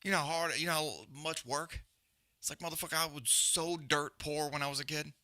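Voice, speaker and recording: A man's voice: on the high side, fairly even intonation, brisk, sharp tone. A man hosting a live show, ranting bluntly with constant swearing and emphatic repetition. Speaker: podcast host. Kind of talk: profane rant on a live stream.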